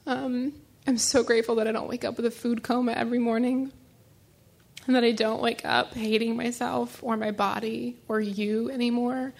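A woman giving a halting, emotional personal testimony as a speaker at a recovery meeting, full of fillers and restarts. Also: on the high side, level tone, creaky.

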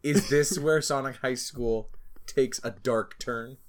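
A man's voice: mid-range voice, slow. Sarcastic man riffing on a story. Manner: sarcastic, incredulous. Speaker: podcast co-host. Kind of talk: comedic banter and reading.

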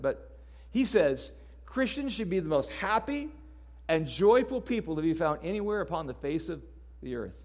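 A man preaching a sermon in a casual, conversational way, often repeating words as he restarts. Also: on the high side. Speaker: pastor.

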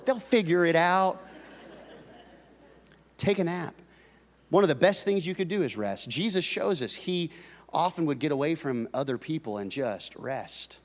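Animated preaching man in a big hall. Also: a little high. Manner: animated preaching with jokes, swings from loud to quiet. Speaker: pastor. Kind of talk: sermon.

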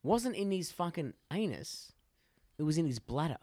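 A man's voice: fairly high pitch, very animated, moderate pace, darkish tone, no echo, studio quality. A young man co-hosting a podcast, telling rambling crude stories and swearing constantly. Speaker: podcast co-host. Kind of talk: casual chat.

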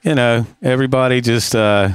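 A man's voice: mid-range voice, fairly even intonation, normal speed, smooth, no room sound. Male host, easygoing mid voice, dry jokes, dry close mic. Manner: laid-back, dry jokes, brief agreements. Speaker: podcast host. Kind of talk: casual podcast chat.

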